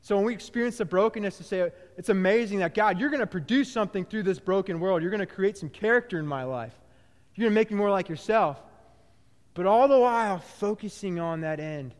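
A male pastor preaches with a high voice that rings through a hall with long reverb. He swings from loud, excited bursts to hushed, low, slowed phrases. He repeats and restarts his words often as he builds each point. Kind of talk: sermon.

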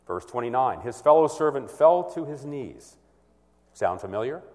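Male preacher, mid-pitched, lively rise and fall, earnest expository delivery, long hall reverb. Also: moderate pace. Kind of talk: sermon.

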